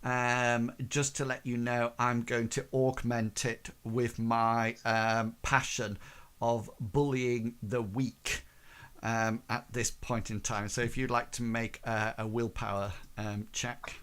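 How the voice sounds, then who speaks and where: A man's voice: medium pitch, flat delivery, slow pace, a bit bright, clear, resonant tone. A man narrating a tabletop game as game master, hesitant and full of fillers.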